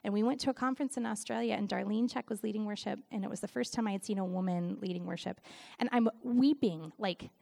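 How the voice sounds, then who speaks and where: A middle-aged woman giving a conversational sermon, telling stories in an animated way with frequent laughs. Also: mid-range voice, fast, vocal fry. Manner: animated storytelling, laughs often. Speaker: Christian speaker and worship leader.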